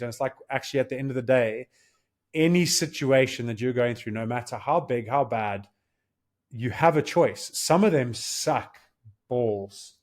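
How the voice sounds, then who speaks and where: A man's voice: medium pitch, moderate pace. Earnest man coaching on a podcast. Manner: earnest, coaching, acts out quoted dialogue. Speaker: podcast co-host. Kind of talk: casual podcast chat.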